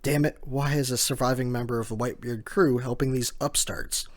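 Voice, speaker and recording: A man's voice: mid-range voice, fairly even intonation, a little fast, no room sound, close to an everyday voice. A man voicing an irritated male government agent in a manga read-aloud. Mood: exasperated. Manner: exasperated.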